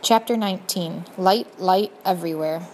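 A woman narrating a children's storybook, speaking directly to the reader in a gently expressive way. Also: on the low side, normal speed, slight background noise, rough recording. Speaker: audiobook narrator.

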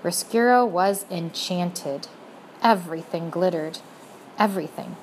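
A woman narrating a children's storybook, speaking directly to the reader in a gently expressive way. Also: on the low side, measured pace, slight background noise, poor audio. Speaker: audiobook narrator.

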